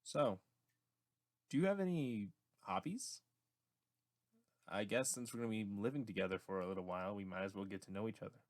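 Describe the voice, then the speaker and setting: A wary young college roommate who talks in a flat monotone, as a man plays him, his voice lowish. He sounds guarded and cautious, a character in a homemade audiobook. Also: a little fast, long pauses, natural voice.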